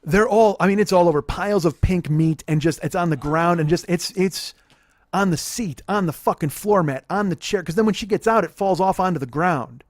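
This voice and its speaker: A man in his forties tells a story at a fast clip, swearing and building his rants. His voice sits a little high. The sound is dry and close. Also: no echo. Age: 40s. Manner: profane, animated storytelling. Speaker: comedian telling a story. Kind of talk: storytelling comedy podcast.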